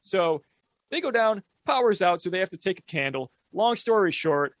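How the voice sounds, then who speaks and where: A man co-hosting a podcast, recapping a horror movie plot in a relaxed, profane storytelling way. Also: high voice, moderate pace, no room sound. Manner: relaxed storytelling, swears casually. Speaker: podcast co-host. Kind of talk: casual movie recap chat.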